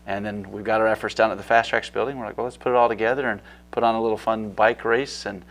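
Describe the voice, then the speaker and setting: A man's voice: fairly low pitch, level tone, fast talker, fairly bright tone. A man talking as a guest in a casual interview, eager and rambling with many fillers.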